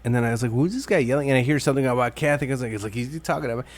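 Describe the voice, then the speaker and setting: A man's voice: medium pitch, racing, dry recording. Man, podcast host, casual chat, profane storytelling, laughs a lot. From Mexican-American from Illinois.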